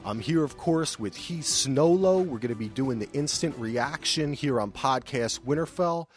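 A man's voice: mid-range voice, expressive, normal speed, soft background music. A man hosting a podcast, talking in an enthusiastic, casual way with frequent restarts. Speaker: podcast host. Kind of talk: excited casual chat.

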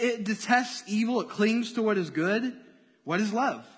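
A man preaching a sermon in a relaxed, conversational way, full of rhetorical questions and casual slang. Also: high-pitched, measured pace, breathy edge, big-room sound. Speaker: pastor.

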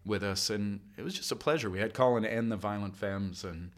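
A man's voice: lowish voice, brisk. A man in a rock band answering interview questions with dry jokes. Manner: dry joking, relaxed. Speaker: band member guest. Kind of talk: casual interview chat.

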